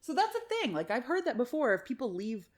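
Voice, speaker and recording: A woman co-hosting a podcast reads a listener's story aloud in a casual, chatty way. Her voice sits on the higher side and swings widely as she tells it. She swears casually and laughs often. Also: very animated, fast talker, husky. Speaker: podcast co-host.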